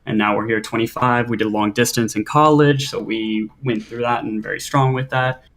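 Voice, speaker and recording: A man's voice: mid-range voice, fairly even intonation, normal speed, a bit bright. A man in his twenties calling in to a dating show, earnest and rambling at length. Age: 20s. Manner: rambling, earnest, long-winded. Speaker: caller. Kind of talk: call-in question.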